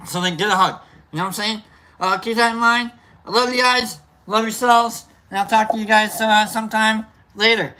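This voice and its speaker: A livestream host chatting casually and reading out viewer names, rambling and halting with many fillers and restarts. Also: mid-range voice, bright, forceful tone.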